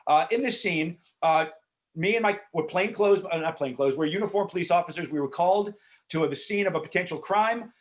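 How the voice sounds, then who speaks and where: A man, an actor, answering questions in a casual Q&A over a video call, frank and animated, swearing freely and filling talk with asides. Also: high-pitched, fairly quick. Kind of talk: casual Q&A storytelling.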